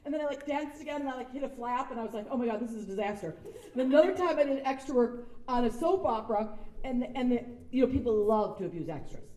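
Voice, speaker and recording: Animated and quick, a woman with a slightly high, warm voice delivers a casual speech as an event's guest speaker. She's chatty and self-deprecating, acting out the quotes in her stories. The echoey sound stage event space and her distance from the mic are audible.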